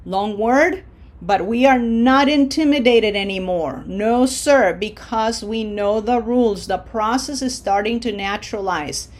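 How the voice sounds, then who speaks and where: A woman teaching a Spanish pronunciation lesson, modeling each word slowly and clearly and coaching learners with encouraging asides. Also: fairly high pitch. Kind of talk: language lesson.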